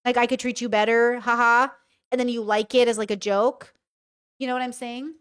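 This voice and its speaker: Clear-voiced young woman reacting frankly. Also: on the high side, level tone, normal speed, no room sound, clean studio sound. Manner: reads messages aloud and comments frankly, swearing. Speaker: commentary streamer. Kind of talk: casual reaction commentary.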